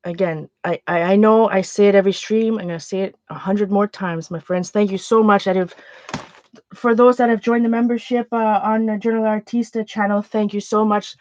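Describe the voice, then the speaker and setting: A woman's voice: mid-range voice, steady tone, normal speed, darkish tone, no echo, highs cut off. A Canadian woman chatting casually on a livestream while making art, rambling and often restarting her sentences.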